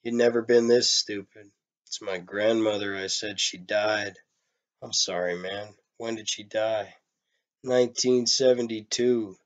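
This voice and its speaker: A man reading a short story aloud, in a plain, low-key way, giving the characters' lines some life. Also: fairly even intonation, unhurried. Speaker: reader.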